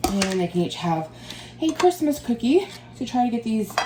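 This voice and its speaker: A woman's voice: a little high, big pitch swings, moderate pace. A woman in her thirties chatting casually to the camera in a vlog, rambling and laughing often. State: out of breath. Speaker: vlogger.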